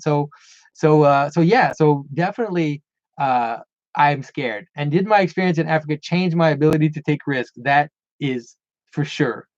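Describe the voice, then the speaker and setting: A man's voice: a little high, moderate pace, no echo, dull audio. A man hosting a casual livestream Q&A, rambling with frequent restarts and repeated words. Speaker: channel host answering viewer questions.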